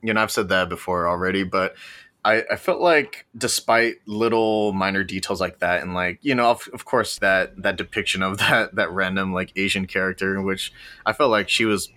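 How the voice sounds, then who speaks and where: A young man chatting casually as a podcast co-host. His voice sits low but sounds bright and forceful. He rambles loosely, leaning on fillers and laughing often. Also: moderate pace. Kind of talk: casual chat.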